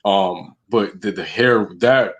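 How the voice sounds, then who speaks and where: Male co-host, deep voice, confident and emphatic in casual chat. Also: slow, muffled recording. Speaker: podcast co-host.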